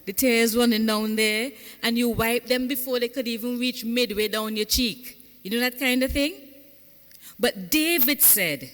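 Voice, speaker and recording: A woman's voice: on the high side, unhurried, a bit bright. A woman pastor preaching a sermon, calling out to the congregation and lifting into fervent, sung phrases. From Saint Vincent and the Grenadines. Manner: call-and-response preaching, rising into fervent sung cadences. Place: large church sanctuary. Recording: echoey church hall.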